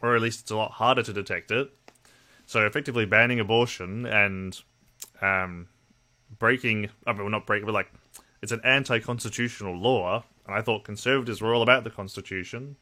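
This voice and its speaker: Blunt, bright-voiced Australian man streaming. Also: on the low side, fairly quick. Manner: blunt, profane, talks to chat. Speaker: livestream host. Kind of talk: casual livestream chat.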